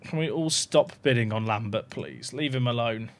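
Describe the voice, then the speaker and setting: In casual livestream commentary on a football management game, a man talks to his chat in despairing, dramatic tones and swears. He speaks at a medium pitch and a moderate pace.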